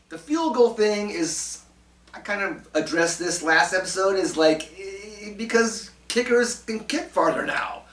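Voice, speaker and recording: A man hosts a casual solo sports talk show, rambling along with plenty of ums and uhs and poking fun at himself. His voice sits a little high for a man. The sound is roomy and echoing, as if the mic sits some way off from him. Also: a bit bright. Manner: rambling, self-mocking, lots of ums and uhs. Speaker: podcast host. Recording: roomy echo, mic at a distance.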